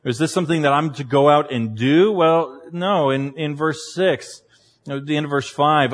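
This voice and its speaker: A man's voice: on the high side, moderate pace, a bit bright. A man preaching a sermon from the pulpit, conversational and teacherly, with humorous asides. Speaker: pastor. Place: church sanctuary. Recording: reverberant church hall.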